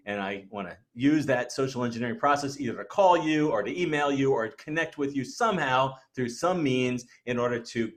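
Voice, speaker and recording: Male presenter, mid-pitched, conversational webinar delivery, leans on repetition and rhetorical questions.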